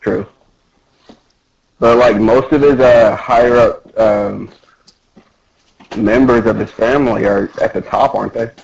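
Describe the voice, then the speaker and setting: A man's voice: fairly low pitch, fairly even intonation, measured pace, vocal fry, pauses often, a little mellow, lo-fi sound. Hesitant, rambling man on a podcast. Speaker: podcast co-host. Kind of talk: casual chat.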